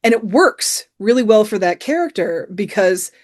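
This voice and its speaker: On a podcast she co-hosts, a woman casually goes over a movie scene after scene, dropping "you know" again and again. She speaks at a normal speed in an expressive, medium-pitched voice.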